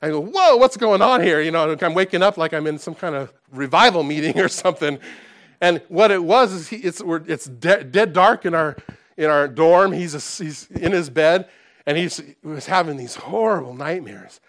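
A man preaching a sermon to his congregation, conversational and animated, dropping to soft asides and rising to loud exclaims, with frequent restarts. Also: on the high side, moderate pace. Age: adult, past college. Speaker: pastor.

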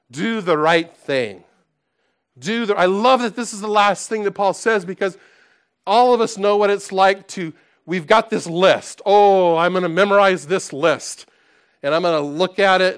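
A high-pitched adult pastor, beyond college age, preaches to his congregation. The delivery is conversational and animated: soft asides, loud exclaims, and plenty of restarts.

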